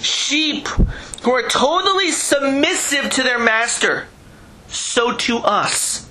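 A man's voice: high-pitched, bright, forceful tone, low-quality recording. A man who teaches religion and gives an earnest sermon full of rhetorical questions.

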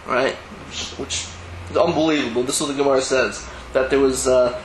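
Male Talmud teacher, high voice, retells scenes with quoted dialogue, explains terms as he goes; echoey room with faint hum. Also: a bit bright. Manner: storytelling, acting out quoted dialogue; explains Hebrew and Aramaic terms in plain English. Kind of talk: Talmud class lecture. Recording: roomy echo, faint ambient hum.

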